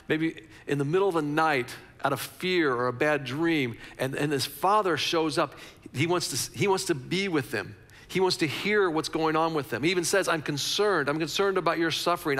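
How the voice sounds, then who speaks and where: A man's voice: on the high side, a bit bright, in a large hall. A man preaching a conversational sermon as a pastor, repeating phrases for emphasis.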